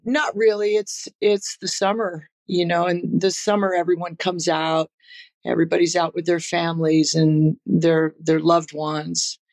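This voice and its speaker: A woman's voice: lowish voice, level tone, unhurried, darkish tone. A woman in her sixties, a guest musician on a podcast, talking casually with plenty of fillers, restarts and laughter. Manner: laid-back, laughs often, frequent fillers and restarts. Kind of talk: casual interview storytelling.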